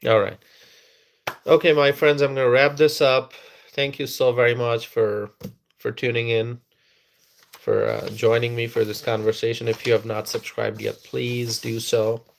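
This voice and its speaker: A man hosting a live stream, chatting with viewers and talking softly and slowly to rest his tired voice. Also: mid-range voice, little pitch movement, vocal fry, slight background noise.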